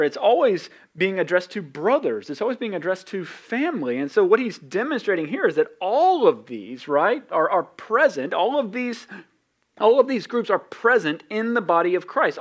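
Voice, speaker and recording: Southern man preaching in a chatty way. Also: high-pitched. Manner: conversational, self-deprecating, with quick acted asides. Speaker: pastor. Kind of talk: sermon.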